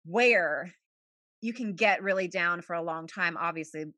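Podcast guest: young woman, bright and forward voice, chatty with constant "like" fillers, dry close sound. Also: fairly low pitch, a little slow, no room sound. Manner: chatty, many "like" fillers, laughs often. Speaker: podcast guest, journal creator. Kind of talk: casual podcast conversation.

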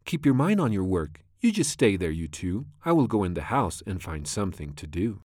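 A mischievous grown cat in a tall hat, put on by a man reading a storybook aloud talks in a breezy, coaxing way and shrugs off every mess. His pitch leaps up and down a great deal. The sound is dry and close, with no room around it. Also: big pitch swings, moderate pace, darkish tone, no room sound. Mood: sly. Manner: laughing, coaxing, unbothered.

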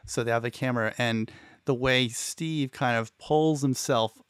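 A man's voice: mid-range voice, a little slow, fairly bright tone, clear, resonant tone, no room sound, clean studio sound. A man co-hosting a podcast, talking in an easygoing way about a TV episode. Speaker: podcast co-host. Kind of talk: casual TV recap chat.

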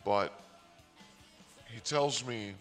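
A man telling a comic story in a deadpan, mock-naive, sarcastic way. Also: mid-range voice, very slow, soft background music. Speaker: podcaster. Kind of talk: comedic storytelling monologue.

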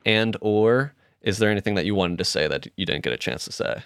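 A man hosting a podcast, talking in a calm, reflective, unhurried way with many fillers. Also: on the low side, clean tone, no room sound, clean studio sound. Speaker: podcast host. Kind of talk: reflective casual podcast chat.

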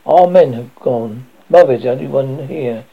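A man's voice: mid-range voice, moderate pace, vocal fry, husky. A man voicing a bold, fierce little robber girl in a storybook reading, blunt and threatening. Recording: dull lo-fi recording.

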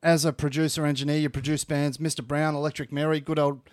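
Aussie host, slightly high voice. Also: male voice, level tone, fast talker, no room sound, studio quality. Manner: chatty, laughing interviewer. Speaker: radio host. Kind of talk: casual banter.

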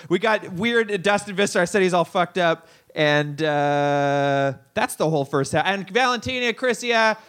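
A man's voice: sits high, fairly bright tone. A man hosting a comedy night and doing stand-up, rambling and self-deprecating with crude jokes. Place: comedy bar stage.

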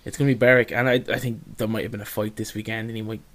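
A man hosting a casual sports podcast, introducing segments with frequent pauses and "um"s. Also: lowish voice, level tone, fairly bright tone, a little hiss or hum. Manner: runs the show, with frequent "um"s. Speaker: podcast host.

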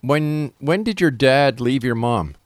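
A man's voice: mid-range voice, animated, slow, loud music behind the voice. A man hosting a radio interview, giving brief prompts and asking pointed follow-up questions. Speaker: radio host. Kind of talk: interviewing a guest.

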